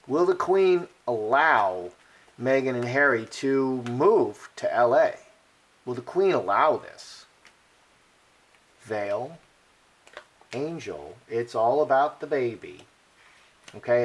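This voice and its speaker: A man of middle pitch talks through a card reading in a loose, conversational way. He circles back on his points, repeats phrases and thinks aloud as he goes. The delivery is chatty and unscripted rather than polished. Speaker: card reader. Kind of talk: casual card-reading commentary.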